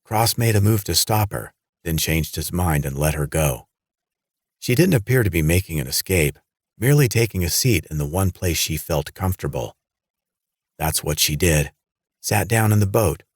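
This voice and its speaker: A man narrating a horror audiobook with dramatic, lively storytelling. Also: deep voice, husky, dry recording, studio quality.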